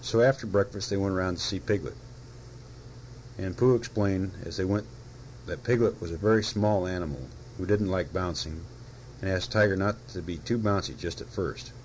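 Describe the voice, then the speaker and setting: Man, deep voice, reading a storybook aloud, gentle, unhurried, faint background hum. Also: poor audio.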